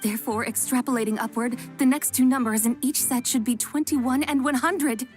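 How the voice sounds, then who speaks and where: A woman voicing a calm, cerebral young woman in a video game who works through number patterns aloud. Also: fairly high pitch, lightly acted. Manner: measured, precise, analytical. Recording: game audio with faint music.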